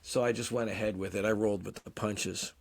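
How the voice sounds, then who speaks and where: A man's voice: lowish voice, steady tone, fairly quick. Man, forties, casual podcast storyteller, curses a lot, pokes fun at himself. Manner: profane, self-deprecating storyteller. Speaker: podcast co-host.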